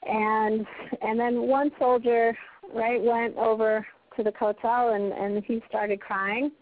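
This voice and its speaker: Over a tinny phone line, a woman teaches a heartfelt Torah class, telling stories earnestly and emphatically with passionate rises. Her voice is fairly high, her tone level, her pace slow.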